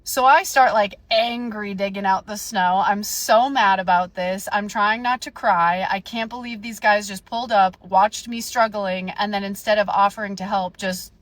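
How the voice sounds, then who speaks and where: A young woman telling a story in a casual rant, animated and indignant, acting out the dialogue. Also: mid-range voice, normal speed, hardly any pauses, no room sound. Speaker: storyteller vlogger.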